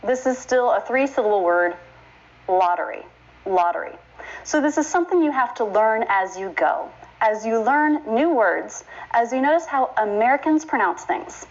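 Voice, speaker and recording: A woman teaching pronunciation, saying each word slowly and carefully and repeating it for the listener to copy. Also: fairly high pitch, animated. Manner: slow, careful modeling of words, repeats each one. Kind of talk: English pronunciation lesson. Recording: slightly dull recording with faint noise.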